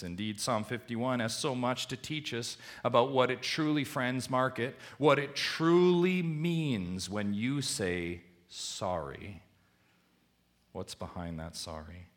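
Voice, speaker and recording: A man preaching a sermon, pushing his voice up high on key points and letting it drop low at the ends of lines. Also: measured pace, fairly bright tone. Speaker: pastor.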